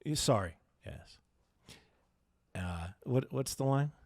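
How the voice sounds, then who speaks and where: A man co-hosting a podcast in casual chat, jokey and laughing often, slipping into quick mock voices. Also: mid-range voice, expressive, creaky, darkish tone, dry recording, studio quality. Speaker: podcast co-host.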